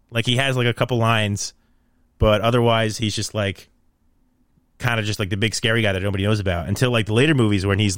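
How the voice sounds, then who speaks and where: A man's voice: mid-range voice, dry recording, studio quality. A young man in casual podcast chat, rambling and laughing often, with jokey put-on voices.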